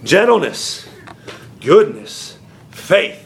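A man preaching a sermon in a folksy, animated way, acting out little voices as he goes, with a congregation calling out amens. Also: a little high, drawn-out words, gravelly, a little hiss or hum. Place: church. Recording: echoey church hall with congregation.

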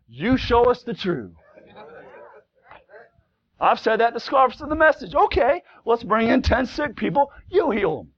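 A man preaching a fiery Pentecostal sermon in a church, swinging from low conversational asides to shouted exhortation in plain, folksy speech. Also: creaky, dull audio. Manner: folksy plain-spoken grammar. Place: church sanctuary.

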